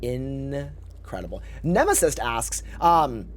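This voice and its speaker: Male streamer, campy and chatty, voice leaps all over the place, mid-pitched. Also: very animated, takes it slowly, a little hiss or hum. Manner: chatty, rambling, campy slang, reads chat aloud. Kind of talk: casual live-stream chat while gaming.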